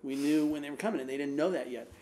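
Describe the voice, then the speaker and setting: A man's voice: on the high side, fast, warm tone, slight background noise. A man, an American pastor, telling a rambling personal anecdote in a casual way, with lots of fillers. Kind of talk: casual storytelling.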